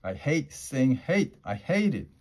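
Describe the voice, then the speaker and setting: A man's voice: mid-range voice, big pitch swings, slow pace, pitched above the performer's own voice, exaggerated voice. A man voicing a stubborn, sassy little girl who talks in emphatic, repetitive bursts. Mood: grumpy.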